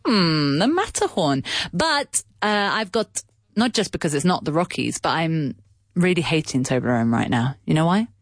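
A woman's voice: low voice, big pitch swings, normal speed, no echo, studio quality. A woman telling a story in a casual, chatty way as an English teacher, stopping to explain words as she goes. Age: adult with a child.

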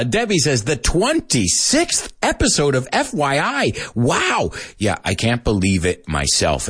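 A man hosting a casual podcast lesson for learners from a studio microphone, chatty and lively, slipping into Spanish to explain words. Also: low-pitched, dry recording. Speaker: English teacher and podcast host. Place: radio studio.

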